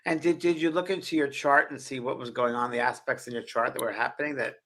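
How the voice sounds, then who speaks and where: A man co-hosting a chat show, talking about astrology with halting restarts. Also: medium pitch, steady tone, a bit bright. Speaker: co-host. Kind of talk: casual chat.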